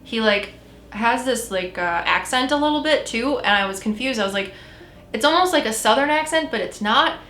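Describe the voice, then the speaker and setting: Woman podcast co-host, rambling storyteller, bright tone, roomy echo. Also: a little high, expressive, normal speed, slight background noise. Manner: chatty, rambling, retells conversations with spirits. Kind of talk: casual chat.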